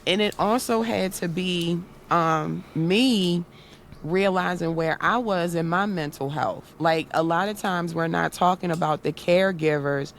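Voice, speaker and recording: A woman's voice: low voice, creaky, slight background noise. A woman guest in a casual interview, telling personal parenting stories earnestly and acting out the voices she quotes. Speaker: guest, content creator and autism awareness activist.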